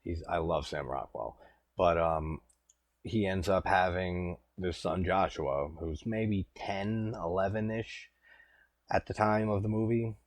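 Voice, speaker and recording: A man's voice: deep voice, slow, dry recording. A man in his thirties giving rambling, laid-back casual commentary as a host, swearing now and then. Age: 30s.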